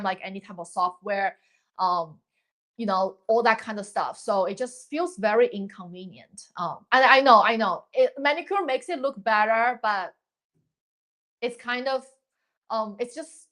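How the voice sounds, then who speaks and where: A woman's voice: mid-range voice, fairly bright tone. A young woman chatting on a livestream, rambling with lots of fillers and restarts as she gives dating advice and thanks viewers. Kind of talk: casual livestream chat.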